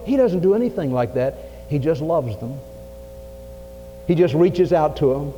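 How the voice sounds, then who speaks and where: A preacher delivers a folksy sermon in a fairly high, mellow man's voice, rising loud and then dropping to a hush. The recording is a dull, lo-fi 1980s church tape with a long reverb tail from the sanctuary and a faint hiss underneath. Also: expressive, moderate pace. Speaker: pastor.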